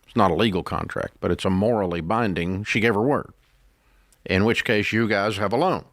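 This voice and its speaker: A man, hosting a call-in advice show, blunt and emphatic, his pitch climbing as he rants. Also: fairly quick, fairly bright tone, no echo, studio quality. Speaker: radio show host.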